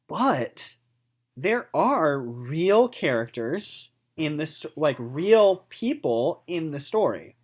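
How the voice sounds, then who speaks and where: A man's voice: a little high, extremely slow. A man teaching sixth-grade literature in a recorded remote lesson, explaining terms and reading a novel aloud, restating each point in simpler words and checking in often with "okay?". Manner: animated, keeps checking in with "okay?" and "right?".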